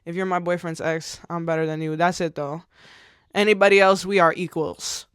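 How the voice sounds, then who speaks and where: A woman's voice: fairly low pitch, steady tone, moderate pace, smooth, no echo, studio quality. A woman in her twenties talking candidly to camera in a vlog, rambling, slangy and swearing, tearful at times. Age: 20s. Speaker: vlogger.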